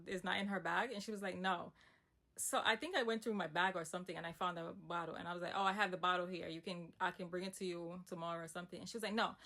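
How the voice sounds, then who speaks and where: A young woman telling a personal story in a casual, emphatic storytime monologue with asides. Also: on the low side. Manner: animated, emphatic retelling with asides.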